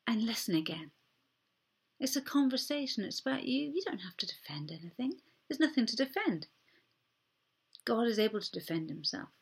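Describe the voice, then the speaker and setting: A woman's voice: fairly high pitch, expressive, normal speed, fairly bright tone, husky. A woman pastor giving a sermon in an earnest, conversational way, acting out short quoted exchanges.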